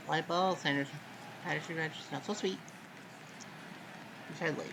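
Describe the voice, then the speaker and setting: A man hosting casual play-by-play commentary of a simulated baseball game, relaxed and chatty, with sudden loud calls on big plays. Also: on the high side, moderate pace, creaky, pauses often, slight background noise.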